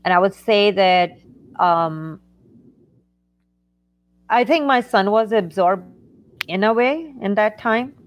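A middle-aged woman, an interview guest, telling a painful personal story in a halting way with many fillers and restarts. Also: medium pitch. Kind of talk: emotional personal story in conversation.

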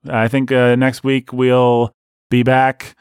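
A man hosting a podcast in casual chat, playful and quick with lists of names. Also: mid-range voice, completely flat delivery, darkish tone, smooth, dry recording, clean studio sound. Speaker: podcast host.

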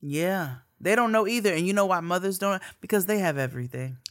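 A woman co-hosting a podcast, adding quick agreement and joking asides in casual chat. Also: lowish voice, lively intonation, no room sound, clean studio sound. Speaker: podcast co-host.

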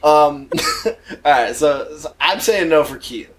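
Male podcast co-host, crude, profane, laughs a lot, lively pitch, slightly high. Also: unhurried, a little hiss or hum. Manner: profane, emphatic, laughs often. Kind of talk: crude casual banter.

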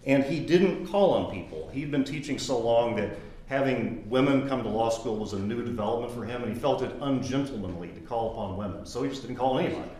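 A man in his fifties, a lawyer, giving a conversational lecture that mixes law with personal anecdotes and bursts into high mimicry of his old professor. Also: animated, brisk, dark tone. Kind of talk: lecture with storytelling. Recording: roomy echo.

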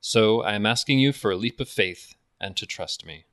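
A man's voice: on the low side, lively intonation, normal speed, a bit bright, dry recording, studio quality. A man doing an impression of a commanding older male starship captain, giving a formal, earnest speech. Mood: earnest, rallying.

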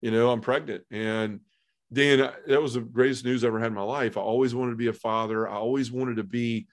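A middle-aged man tells his own story as a podcast guest, giving an earnest, heartfelt personal testimony in conversation. His voice is medium-pitched, steady and brisk, sprinkled with lots of "you know" and "man."

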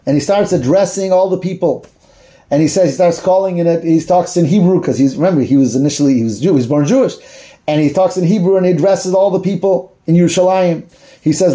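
Male teacher, high and mellow voice, chatty Bible storytelling, searches aloud for words. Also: expressive, normal speed. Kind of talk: retelling a Bible story in a class.

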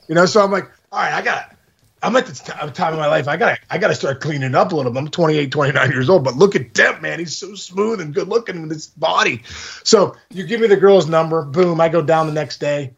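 Excitable gravelly man telling a story. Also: fairly high pitch, fast, dull audio. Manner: excitable, exaggerating, laughs at his own story. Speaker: podcast host. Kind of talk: casual storytelling chat.

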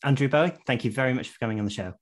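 A man interviewing a politician, asking formal, measured questions. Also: medium pitch.

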